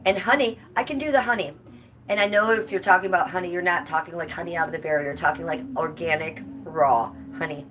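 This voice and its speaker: A woman's voice: on the low side, fast, a bit bright, rough recording. Chatty woman hosting a casual livestream. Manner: chatty, blunt, swears casually. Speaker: livestream host. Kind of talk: casual livestream chat reading comments.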